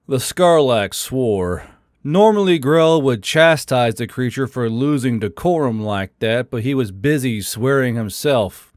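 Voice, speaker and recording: A man narrates a science fiction story as a scripted audiobook, steady and even in delivery. His voice sits at a middling pitch and sounds dry and close, with no room around it. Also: a little slow, dry recording.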